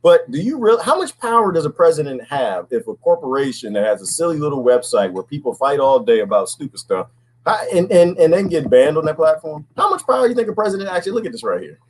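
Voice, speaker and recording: Animated husky man. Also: a little high, fast, rough recording. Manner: animated, folksy, laughs often, rhetorical questions. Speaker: podcast host. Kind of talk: casual talk to viewers.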